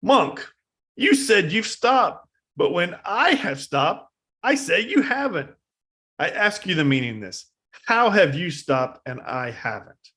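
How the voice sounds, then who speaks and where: A man's voice: medium pitch, very animated, normal speed, sharp tone. A man voicing a fierce male bandit who turns into a humble seeker, with a raised, strained questioning voice. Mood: demanding.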